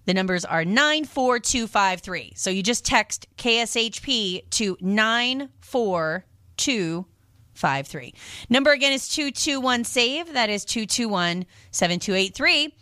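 A chatty woman radio host with a bright, forward voice that sits a little high. She rambles casually between sales calls and fills her talk with "like" and "um." The sound is close and dry, straight from a studio mic. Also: expressive, unhurried, no echo. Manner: chatty and rambling, with many fillers. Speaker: radio shopping show host.

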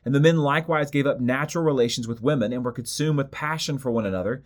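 A man teaching through a book of the Bible, reading scripture aloud and stressing points by repeating phrases and slowing down. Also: medium pitch.

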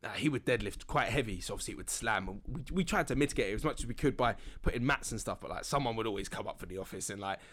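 A young man hosting a relaxed solo podcast, rambling with lots of fillers and laughing now and then. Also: on the low side, racing, few pauses. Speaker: podcast host.

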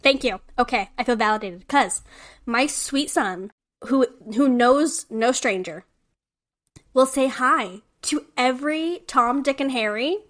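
A woman co-hosting a casual podcast, animated and emphatic as she talks about her kids, with a swear word here and there. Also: high voice, measured pace. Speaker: podcast co-host. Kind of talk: casual chat.

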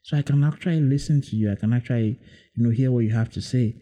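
Dark-voiced man musing aloud. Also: mid-range voice, fast talker. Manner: rambling, musing, heavy on "you know". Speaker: podcast host. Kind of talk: casual solo podcast monologue.

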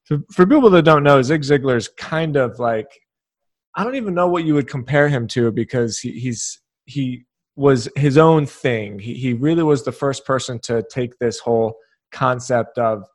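Male interview host, mid pitch. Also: normal speed, no echo. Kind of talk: interview talk.

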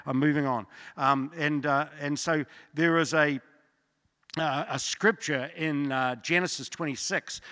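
A middle-aged guest preacher delivers an evening church sermon with testimonies, keeping it informal and joking with rambling asides. His voice is a little high, bright and forceful, and the church hall adds a long reverb.

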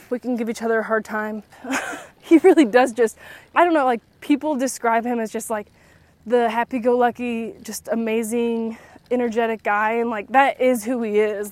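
A woman's voice: a little high, darkish tone, no room sound. A woman in her twenties hosting a casual podcast while walking around her neighborhood outdoors, slightly out of breath, chatty and rambling with lots of fillers. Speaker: podcast host.

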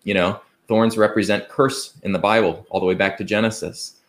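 A man delivers a sermon in a slightly low voice. He speaks earnestly, in a conversational way, asking his listeners rhetorical questions and quoting scripture. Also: fairly even intonation, a little fast. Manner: conversational, with fillers and restarts. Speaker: preacher.

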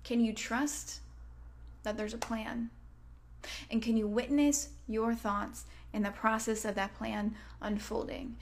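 A woman's voice: a little high, fairly even intonation, slow. A woman hosting a self-help podcast, talking casually and swearing freely. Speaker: podcast host. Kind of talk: motivational self-help talk.

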